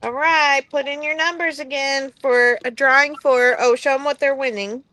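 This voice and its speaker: A woman hosting a casual livestream giveaway, upbeat and quick to laugh. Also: high voice, steady tone, pushed and bright, no room sound, low-quality recording. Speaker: livestream host running a giveaway. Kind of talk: casual chat.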